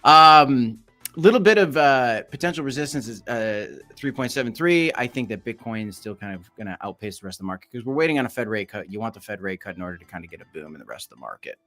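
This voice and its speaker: A man's voice: mid-range voice, expressive, fast talker, pushed and bright, faint music behind. Chatty man hosting a crypto stream. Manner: loose and chatty, reacting to viewer comments. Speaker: crypto livestream host. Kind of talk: casual livestream commentary reading chat.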